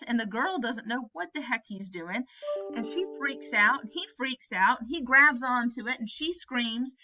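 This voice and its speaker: A woman's voice: fairly high pitch, sharp tone, dull audio. A woman teacher explaining a novel to students in a conversational way, often checking whether they follow. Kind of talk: recorded lesson reviewing a novel.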